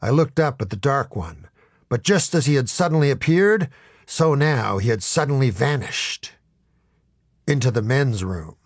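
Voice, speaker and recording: Deadpan comic audiobook narrator, man, gravelly voice, lively pitch swings. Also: unhurried, dry recording, clean studio sound.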